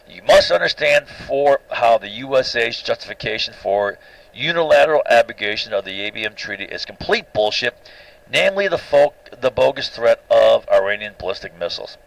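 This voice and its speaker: A man's voice: mid-range voice, vocal fry, low-quality recording. Opinionated man lecturing over slides. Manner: opinionated, repeats "right?" and restarts often.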